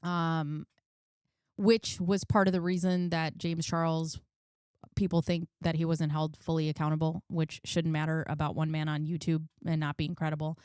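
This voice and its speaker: Woman reaction host, slow and unhurried delivery, smooth voice, lots of ums. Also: fairly low pitch, dry recording, clean studio sound. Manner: slow, musing, filler-heavy. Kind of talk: casual video reaction chat.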